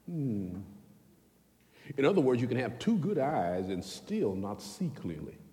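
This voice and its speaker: A man preaching a sermon in a folksy, animated way, swinging between loud bursts and hushed asides. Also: medium pitch, measured pace. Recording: long hall reverb.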